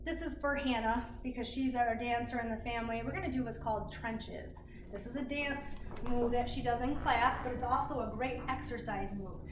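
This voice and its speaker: High-voiced encouraging woman fitness teacher. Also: steady tone, moderate pace, hardly any pauses. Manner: encouraging, counts reps in Japanese. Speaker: kids' exercise instructor. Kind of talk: leading a kids' workout class. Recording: roomy, distant, faint noise.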